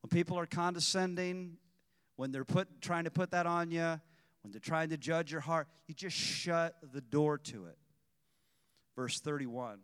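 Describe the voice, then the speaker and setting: Animated male preacher in a reverberant hall. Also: on the high side, unhurried, clear, resonant tone. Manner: animated, shifting from quiet teaching to loud exhortation. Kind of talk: sermon. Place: church sanctuary. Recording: long reverb of a church hall.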